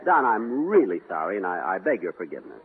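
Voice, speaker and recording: Indignant comic host, wildly varied pitch. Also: male voice, sing-song, fast talker, crowd noise. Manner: exasperated, indignant comic timing. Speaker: comedy show host. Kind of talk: 1940s radio comedy. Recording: tinny old radio broadcast.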